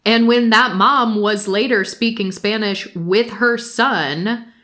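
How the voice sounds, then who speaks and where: A woman talks at an unhurried, drawn-out pace in casual podcast chat. She laughs often and swears freely as she recaps shows, and her pitch sits in a middle range. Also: fairly bright tone. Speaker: podcast co-host.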